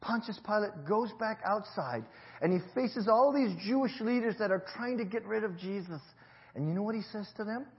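Pastor, male, high voice, storytelling sermon, dull lo-fi audio. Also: expressive, normal speed. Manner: storytelling preacher, swings between loud emphasis and low quiet.

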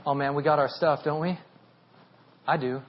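Animated high-voiced male preacher. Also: moderate pace, highs cut off. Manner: animated, rising to near shouting at peaks. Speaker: pastor. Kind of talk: sermon.

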